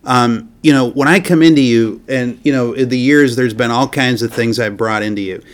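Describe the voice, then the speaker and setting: A man's voice: mid-range voice, moderate pace, a little hiss or hum. A man hosting a casual faith conversation, talking animatedly and rambling with frequent restarts.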